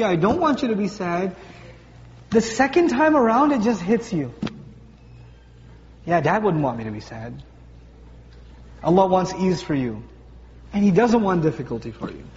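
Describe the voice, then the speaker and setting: Male preacher, high voice, playful storytelling delivery; muffled, reverberant hall recording. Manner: lively, conversational, acts out everyday voices. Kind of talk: sermon. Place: large gathering hall with congregation. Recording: distant voice in a large hall, muffled, faint hum.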